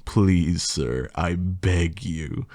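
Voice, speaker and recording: A man's voice: sits low, extremely slow, darkish tone, no echo, exaggerated voice. A man voicing a hungry little male mouse who begs politely in old-fashioned words, read from a storybook poem. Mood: pleading.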